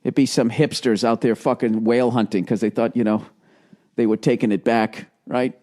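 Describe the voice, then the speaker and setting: This middle-aged American podcast host has a warm, steady, mid-range voice and a moderate pace. He rants profanely through a rambling comedic monologue, acting out the voices of people he quotes.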